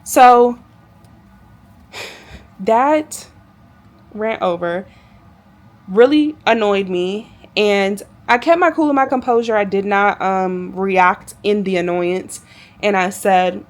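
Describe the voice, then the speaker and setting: A woman's voice: medium pitch, animated, slow pace, long pauses. A woman flight attendant telling a work story to her viewers in a chatty, exasperated vlog style.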